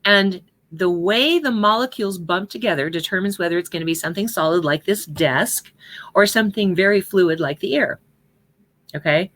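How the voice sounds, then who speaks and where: A woman's voice: on the low side, moderate pace, fairly bright tone. A woman giving a conversational spiritual teaching talk on prayer, often checking in with her listeners. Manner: conversational, checks in with "right?" and "okay?".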